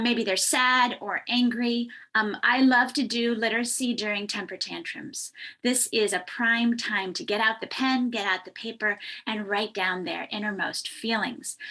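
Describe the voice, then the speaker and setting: A woman author speaks to an online audience about reading with young children. Her tone is bright and clear, and she talks earnestly, telling small stories with plenty of ums. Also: a little high. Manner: earnest, warm storytelling with many ums. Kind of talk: online summit talk.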